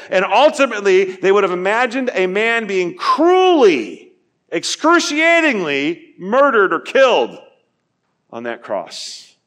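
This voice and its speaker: Earnest preacher with a fairly high voice. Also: male voice. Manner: earnest, rising to emphatic peaks and dropping to quiet asides; asks the listeners direct questions. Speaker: pastor. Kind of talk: sermon.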